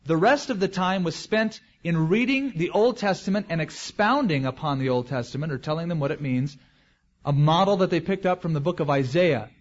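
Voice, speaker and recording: A man's voice: on the high side, animated, a little fast, muffled recording. A man as pastor, preaching a verse-by-verse expository sermon in a conversational way with joking asides.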